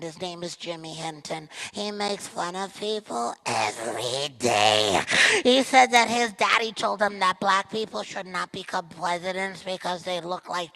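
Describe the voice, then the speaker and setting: A man's voice: high voice, creaky, bright, forceful tone, voice pushed up, heavily acted, low-quality recording. A man voicing a chatty, boastful six-year-old boy in a live character monologue on an auditorium stage. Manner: nonstop chatter, boastful, giggly.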